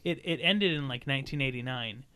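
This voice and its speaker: A man's voice: mid-range voice, fairly quick, sharp tone, clear, resonant tone. A young man hosting a casual podcast chat, rambling and joking, swearing freely. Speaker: podcast host.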